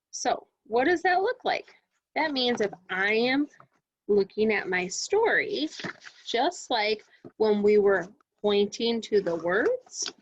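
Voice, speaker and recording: Female kindergarten teacher, slow animated delivery, dull close recording. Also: medium pitch, no echo. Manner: slow, expressive, sing-song teacher talk. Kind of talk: recorded reading lesson for children.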